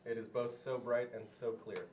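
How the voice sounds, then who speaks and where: A man playing a tabletop game, playful and quick to laugh. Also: mid-range voice, fairly even intonation, darkish tone. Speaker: player. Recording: distant mic with noise.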